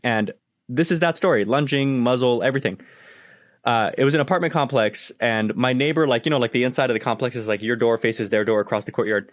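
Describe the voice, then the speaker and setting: Hosting a casual podcast, a man tells dog-training stories in an animated, profane manner, acting out the exchanges. His voice is medium-pitched and fast, captured in a dry, studio-quality recording.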